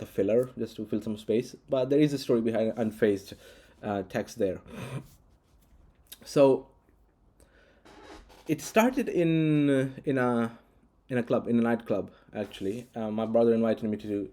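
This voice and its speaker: A man's voice: mid-range voice, lively intonation, moderate pace, mellow. A man vlogging, telling a personal story casually with many restarts and fillers. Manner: rambling, frequent restarts and fillers.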